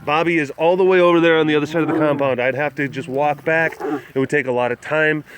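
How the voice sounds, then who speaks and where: A young man from southwest Wisconsin hosting a casual livestream outdoors at an animal compound, joking and reading viewer comments with loud hype and low mumbles. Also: fairly even intonation, fast, noisy background. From southwest Wisconsin, USA. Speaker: livestream host at a big cat facility.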